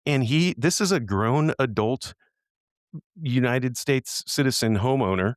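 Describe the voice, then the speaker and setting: A man's voice: medium pitch, measured pace, no echo, studio quality. A man co-hosting a podcast in casual chat, talking in a rambling, easygoing way and laughing easily. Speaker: podcast co-host.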